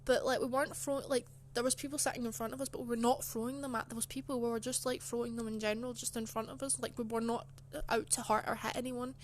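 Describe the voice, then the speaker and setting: A young woman telling a story straight to camera in a chatty, aggrieved way, her sentences loaded with fillers. Her voice sits a little high for a woman. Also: level tone, quick pace, hardly any pauses, slight background noise. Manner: chatty and indignant, full of "like" fillers. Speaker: channel host. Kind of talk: casual storytime.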